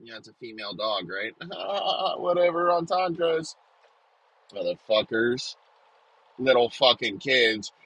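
A man's voice: medium pitch, expressive, slow, fairly bright tone, slightly rough, poor audio. A man delivering an aggressive comedic rant, swearing nonstop and hurling insults.

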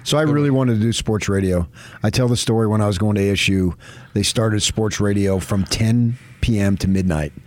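A man's voice: lowish voice, brisk, darkish tone, no room sound. A man hosting a morning sports radio show in a studio, talking with effusive, emphatic praise. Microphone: studio microphone.

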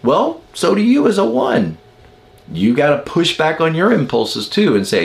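A man's voice: a little high, wildly swooping pitch, measured pace, creaky. A man teaching the Enneagram in an informal, emphatic way, with many rhetorical questions to his viewers.

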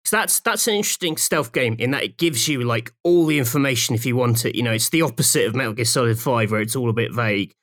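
A man's voice: mid-range voice, quick pace, few pauses, fairly bright tone, no echo, clean studio sound. A man co-hosting a podcast, chatting casually and laughing often. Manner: laughs often, thoughtful game talk. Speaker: podcast co-host. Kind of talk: casual chat.

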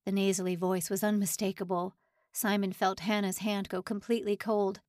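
A woman reading a dramatic story aloud as an audiobook narrator, with an expressive delivery. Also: mid-range voice, moderate pace, no echo, studio quality.

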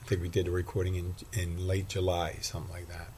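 Low-voiced rambling man podcasting solo. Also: completely flat delivery, fast talker, mellow, slight background noise. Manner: rambling, self-deprecating, with restarts. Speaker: podcast host and bartender. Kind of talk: casual solo podcast monologue.

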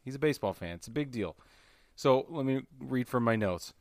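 A man co-hosting a casual podcast, enthusiastic and quick to laugh. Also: mid-range voice, animated, no echo, clean studio sound. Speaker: podcast co-host. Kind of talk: casual chat.

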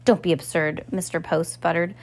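A woman's voice: on the low side, fairly even intonation, normal speed, close to an everyday voice. A woman reading aloud and voicing a pompous, coughing middle-aged male banker who scolds and sputters. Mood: blustering. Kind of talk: audiobook character voice.

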